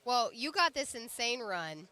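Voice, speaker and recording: A woman hosting a racing show, upbeat with quick interjections in casual chat. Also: a little high, sing-song, pushed and bright. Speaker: show host.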